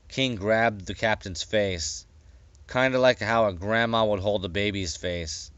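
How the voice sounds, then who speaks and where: Low-voiced man reading his story aloud. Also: a bit bright, clean tone, dry recording, muffled recording. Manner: plain, unhurried reading with small stumbles. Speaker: amateur author reading his own story. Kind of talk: casual audiobook reading.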